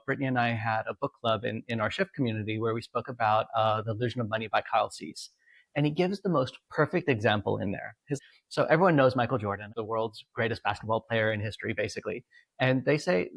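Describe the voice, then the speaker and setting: A man's voice: mid-range voice, no room sound. A man co-hosting a podcast as a coach, telling stories and acting out the people in them. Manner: animated storyteller, acts out dialogue with a lifted voice. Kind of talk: casual podcast conversation.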